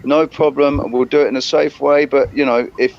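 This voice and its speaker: A man's voice: mid-range voice, fairly even intonation, moderate pace, gravelly. Rambling man on a muffled call. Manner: rambling, repeats himself, talks over others. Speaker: co-host of a live chat show. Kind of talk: casual chat over a call.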